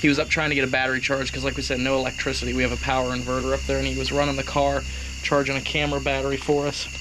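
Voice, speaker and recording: A man investigating a haunted cabin, briskly explaining to camera outdoors on the porch. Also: medium pitch, completely flat delivery, noisy background. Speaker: paranormal investigator. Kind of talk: casual on-location narration.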